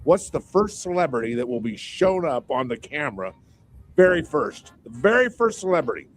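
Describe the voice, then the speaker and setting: A man's voice: on the high side, sing-song, normal speed, a little hiss or hum. A man on a sports radio panel, telling his picks at length with emphatic, rambling restarts. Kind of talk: casual radio sports chat.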